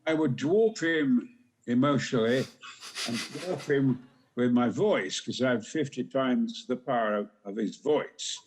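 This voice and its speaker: A man in his eighties with a Yorkshire accent, telling bawdy anecdotes in a booming, dramatic, theatrical style as a talk show guest. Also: measured pace, darkish tone, slight background noise. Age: 80s. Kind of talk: theatrical storytelling.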